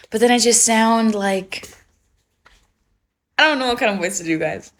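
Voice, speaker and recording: A woman's voice: on the high side, moderate pace, long pauses, poor audio. A young woman from the United States, chatting casually on a phone livestream at home, giggly and freely swearing.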